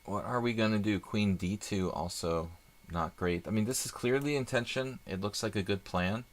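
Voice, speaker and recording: A man's voice: fairly low pitch, normal speed. A man doing live chess stream commentary, chatty and thinking aloud with rambling asides.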